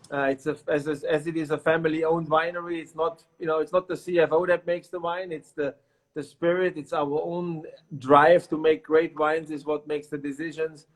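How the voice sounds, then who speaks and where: A man's voice: a little high, poor audio. A middle-aged man with a German accent, a winemaker explaining his work on a video call from his wine cellar, often restarting his sentences. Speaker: winemaker guest. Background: barrels rolling.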